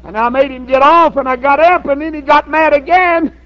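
Older preacher man, folksy storytelling, gets shouty, high voice, dull old tape sound. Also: fairly even intonation, fairly quick. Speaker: pastor. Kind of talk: storytelling sermon. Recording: dull lo-fi sermon recording.

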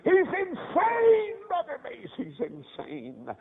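A man's voice: fairly high pitch, a little slow. A man voicing a remorseful, grieving mother who pleads tearfully and with a tremble. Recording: tinny lo-fi old radio broadcast.

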